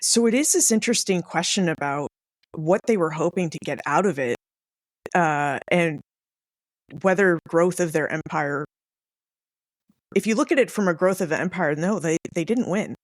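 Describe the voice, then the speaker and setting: A woman's voice: on the low side, normal speed, pauses often, dry recording. Sex: woman. Role: guest historian. Sound: dry. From United States. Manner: conversational, laughs while explaining. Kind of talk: casual discussion.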